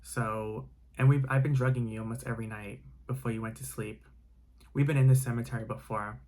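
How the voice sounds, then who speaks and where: A man voicing a menacing young cult leader who calmly threatens his victim. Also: medium pitch, a little fast, lightly acted.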